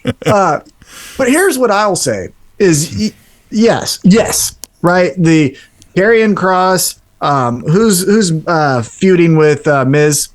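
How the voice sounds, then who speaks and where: Lively, higher-voiced podcast co-host. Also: male voice, slow pace. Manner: opinionated and lively, with filler hesitations. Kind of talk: casual chat.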